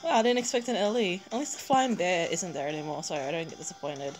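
A woman giving a live, excitable reaction commentary while pulling cards in a mobile game, gushing and laughing. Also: on the low side, quick pace. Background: game music.

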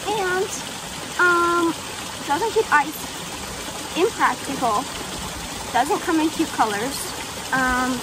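A woman's voice: high-pitched, noisy background. A woman vlogging to her phone in casual chat, rambling and jokey, laughing often and swearing. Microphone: phone camera.

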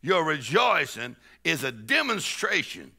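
A man preaching a sermon to a live church crowd. He tells folksy stories with jokes, and he laughs and shouts to lead the congregation in rejoicing. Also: on the high side, very animated, a little slow, breathy edge.

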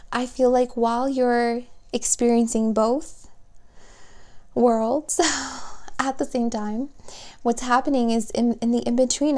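A woman giving a spoken tarot reading, gentle and emotional, speaking softly and warmly to her viewers. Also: a little high. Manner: slow, soft, gentle and emotional. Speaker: tarot reader.

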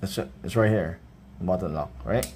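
A man's voice: low voice, normal speed, a little mellow, a little hiss or hum. A man with a Filipino accent unboxing and reviewing a knife, thinking aloud and correcting himself as he goes. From Philippines. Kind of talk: casual unboxing vlog.

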